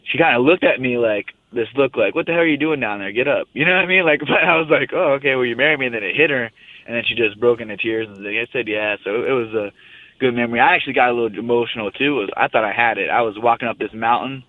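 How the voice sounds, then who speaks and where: A man's voice: medium pitch, quick pace, dry recording. A young man calling in, telling a story in a loose, rambling casual chat. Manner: rambling, laid-back storytelling. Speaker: fighter calling in. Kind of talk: casual phone interview. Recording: tinny phone line.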